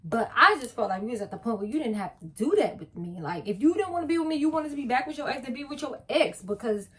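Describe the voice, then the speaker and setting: A young woman tells a personal story in a casual, blunt, profane and animated way. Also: a little high, fast. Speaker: vlogger.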